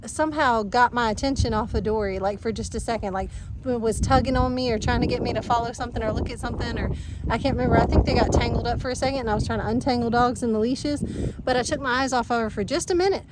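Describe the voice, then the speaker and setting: A woman, chatting casually and telling an animated story outdoors on her farm. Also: fairly high pitch, fast, noisy background. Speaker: farm vlogger.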